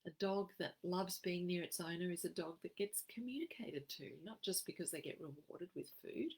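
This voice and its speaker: An Australian woman giving an expressive, emphatic live-streamed wellbeing talk as a program facilitator. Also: on the low side, moderate pace, breathy edge, poor audio. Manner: expressive, emphatic, acts out quoted phrases.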